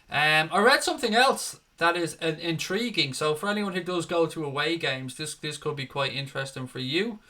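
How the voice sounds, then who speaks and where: A man's voice: a little high, normal speed, few pauses, bright, forceful tone. A young man hosting a live fan show, chatting casually as he reads out viewer comments and calls them mate. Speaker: fan channel host. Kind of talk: live stream chat reading viewer comments.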